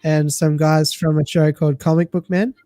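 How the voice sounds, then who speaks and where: A host chatting on a livestream in a relaxed, rambling way. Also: mid-range voice, normal speed, no room sound. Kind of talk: casual chat.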